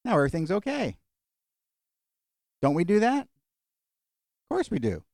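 A middle-aged male pastor preaching a sermon and closing in prayer, folksy and animated, acting out little quotes and jokes. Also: high voice, moderate pace, gravelly, dry recording, clean studio sound.

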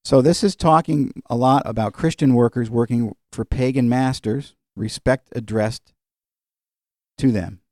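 A man's voice: mid-range voice, a little slow, a little mellow, dry recording, clean studio sound. A middle-aged man leading an informal Bible study, talking in a conversational, digressive way with fillers and chuckles. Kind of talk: informal Bible teaching with personal stories.

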